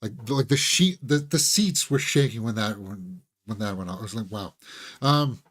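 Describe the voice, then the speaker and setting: Hoarse, rambling man chatting casually. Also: fairly low pitch, lively intonation, moderate pace, a bit bright. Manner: rambling, chuckling, many fillers. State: losing his voice. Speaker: host of a movie talk channel. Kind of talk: casual live-stream chat.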